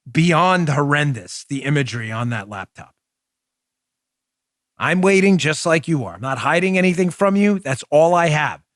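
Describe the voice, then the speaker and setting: A man's voice: on the high side, a bit bright, no echo, clean studio sound. A man hosting a political talk show, delivering an indignant, mocking monologue. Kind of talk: opinionated monologue.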